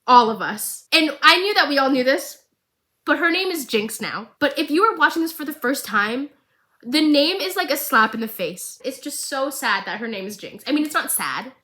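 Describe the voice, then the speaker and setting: An excitable woman vlogger tells a recap with jokes and plenty of drama. Her voice sits a little high and sounds bright and sharp. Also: normal speed. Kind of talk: chatty animated-show recap.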